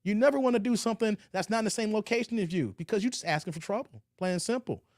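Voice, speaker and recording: A man's voice: sits high, animated, fast, darkish tone, no echo, clean studio sound. A man hosting a livestream, reading viewer comments aloud and reacting in laid-back slang. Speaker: livestream host.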